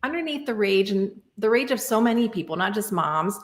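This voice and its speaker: A woman in her thirties talks through a personal story in a reflective, casual podcast conversation. She often stops to check in with "right?" and fills gaps with "like." Her voice sits in a middling pitch and rings a little in a roomy space. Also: expressive, fairly quick. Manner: reflective, many fillers like "like" and "right?". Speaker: podcast guest.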